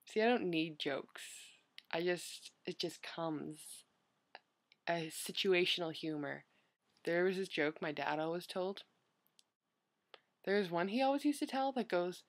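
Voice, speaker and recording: A woman's voice: on the low side, animated, a little slow, pauses often. A young woman vlogger chatting casually as she answers questions, rambling and filling her talk with "like" and "you know".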